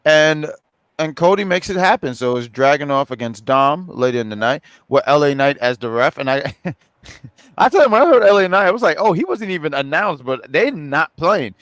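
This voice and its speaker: A man's voice: fairly high pitch, expressive, moderate pace, a bit bright, no room sound. A man co-hosting a casual online chat, rambling with many fillers and restarts. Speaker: co-host.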